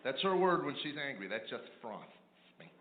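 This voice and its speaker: A man performs stand-up about married life, wry and sarcastic, speaking at normal speed in a mid-range, sing-song voice. It sounds reverberant and comes over a tinny phone-like line with noise.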